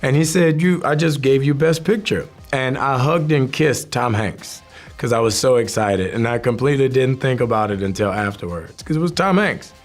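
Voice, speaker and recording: A film producer telling an interview story, excited and emphatic. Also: male voice, medium pitch, moderate pace, soft background music. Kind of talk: anecdote told in an interview.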